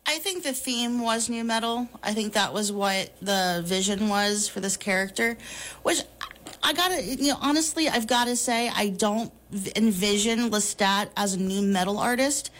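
A woman in her thirties co-hosting a podcast, talking in a loose, rambling, animated way with plenty of fillers and laughs. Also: mid-range voice, normal speed. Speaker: podcast co-host. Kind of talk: casual chat.

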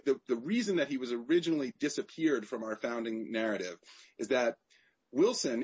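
Male author guest, husky voice, animated storyteller who restarts his phrases. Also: mid-range voice. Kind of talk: conversational interview.

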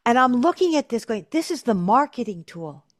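A woman's voice: fairly high pitch, moderate pace, dry recording, studio quality. A woman hosting a talk show, telling stories emphatically and chatting with her guest. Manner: animated, emphatic storyteller. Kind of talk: casual interview chat.

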